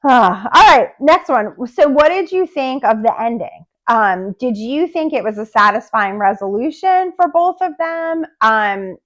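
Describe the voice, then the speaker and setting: A woman co-hosting a podcast, asking questions and reflecting calmly on a book in casual chat. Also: on the high side, unhurried, hardly any pauses. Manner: leads questions, steady and agreeable. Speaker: podcast co-host.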